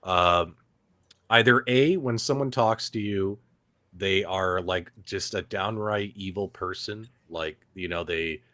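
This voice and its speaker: A man co-hosting a casual live stream, talking in a relaxed, rambling way and slipping into animated voices when he quotes people. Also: low voice, slow, no room sound. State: recovering from being sick. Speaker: co-host. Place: Arizona.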